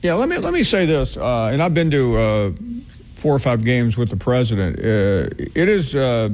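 A man hosting a sports talk radio show, answering a caller in a measured way with frequent "uh"s. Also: mid-range voice, very animated, darkish tone. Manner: measured, with filler "uh"s.

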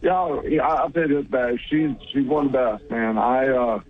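A man co-hosting a casual radio chat, talking in halting bursts with many restarts. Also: mid-range voice. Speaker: radio show co-host. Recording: phone-like narrow sound.

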